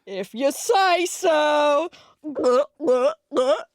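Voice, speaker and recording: Brief: actress as giddy high-voiced showgirl, unhurried, musical audio drama. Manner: sings showtunes, squeals with excitement. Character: bubbly showgirl Clara, eager and theatrical. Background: loud band music.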